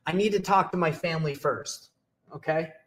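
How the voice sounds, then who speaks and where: A man's voice: on the high side, normal speed. Upbeat man coaching to camera. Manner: energetic, repetitive, frequent "okay?" checks, acts out sample dialogue. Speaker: real estate coach. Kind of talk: casual teaching to camera.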